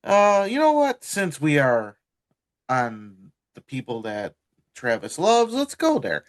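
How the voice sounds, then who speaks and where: A man co-hosting a podcast, reading event details slowly with a laugh now and then. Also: a little high, wildly swooping pitch. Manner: slow, drawn-out reading with laughs. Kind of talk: casual podcast chat.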